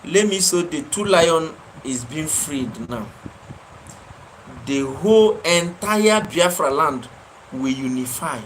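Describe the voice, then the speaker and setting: Nigerian man, livestream host, slightly high voice, slow deliberate delivery, fiery and scolding. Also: animated, a little hiss or hum, rough recording. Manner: impassioned, scolding, repeats his phrases for emphasis. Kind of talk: live-stream commentary answering viewers.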